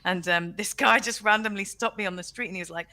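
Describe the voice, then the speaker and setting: A woman from England co-hosting a casual review show, animated and quick to laugh. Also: medium pitch. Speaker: podcast co-host.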